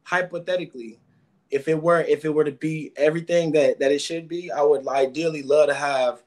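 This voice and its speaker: A man's voice: fairly high pitch, steady tone, a little fast, darkish tone. A man guest giving emotional, rambling interview answers, often repeating words.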